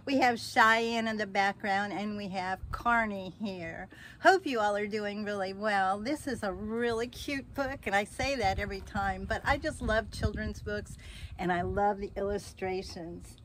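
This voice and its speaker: A woman teacher reading a picture book aloud to children, cheerful and expressive. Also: mid-range voice, measured pace, a little hiss or hum.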